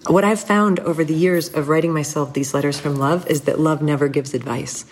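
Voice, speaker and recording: Very low-voiced woman, reflective guest. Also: steady tone, brisk. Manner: thoughtful, candid, laughs softly between thoughts. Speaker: interview guest. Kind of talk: reflective conversational interview.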